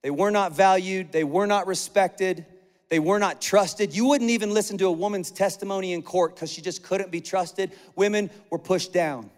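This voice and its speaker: A man preaches with a high, ringing voice, moving between easy chat and rising, repetitive emphasis. His words roll out into a large church auditorium, trailing a long hall reverb behind each phrase. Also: normal speed. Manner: energetic, conversational preaching with repeated phrases. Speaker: pastor. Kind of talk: sermon.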